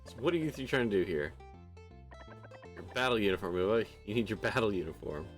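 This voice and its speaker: A man's voice: lowish voice, expressive, a little fast, faint music behind, close to an everyday voice. A man voicing bossy older village women in a video game who play matchmaker, reading their lines in a theatrical, coaxing way.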